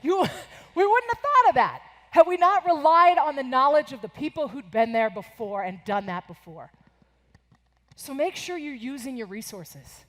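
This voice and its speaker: An American woman in her forties giving an energetic, animated motivational keynote to students in a large conference hall. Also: high-pitched, moderate pace. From United States. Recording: echoing convention hall.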